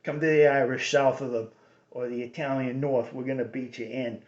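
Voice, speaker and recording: Brash south end boston tough, threatening and loud-mouthed, a guy putting it on, roomy muffled sound. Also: mid-range voice, little pitch movement, normal speed, natural voice. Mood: menacing. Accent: working-class Boston. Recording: roomy dull lo-fi recording.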